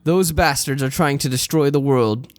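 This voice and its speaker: A man's voice: medium pitch, moderate pace, no room sound, lightly acted. A man voicing a grandiose young self-styled mad scientist, reading game dialogue aloud with theatrical, pompous declarations.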